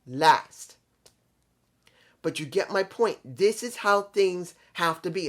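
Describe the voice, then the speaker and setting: Middle-aged male vlog host, earnest and rambling, unpolished delivery, loops back to the same phrases. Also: high voice. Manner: earnest, rambling, repeats himself. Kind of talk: casual monologue on pro wrestling.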